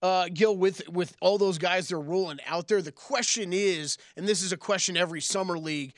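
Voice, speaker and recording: A woman co-hosting a sports betting show, chiming in with quick banter in a studio. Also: lowish voice, dry recording. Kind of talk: casual studio chat.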